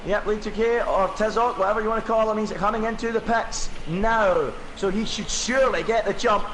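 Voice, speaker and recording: Guy calling race play-by-play, fairly high voice, noisy feed. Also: fairly quick. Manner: steady play-by-play, asks co-host questions. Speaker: lead race commentator. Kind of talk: play-by-play esports commentary.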